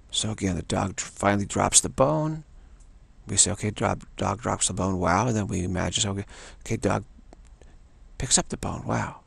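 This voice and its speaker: A man giving a slow, repetitive dharma talk as a spiritual teacher, often restarting and chanting a soft "wow" refrain. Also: lowish voice. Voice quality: gravelly and husky.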